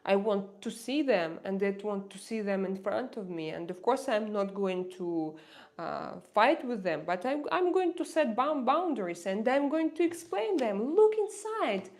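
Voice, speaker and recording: A woman whose first language is not English, hosting a casual livestream and answering viewer comments in an earnest, impassioned way, halting often with fillers and restarts. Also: mid-range voice, lively intonation, a little mellow. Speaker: livestream host.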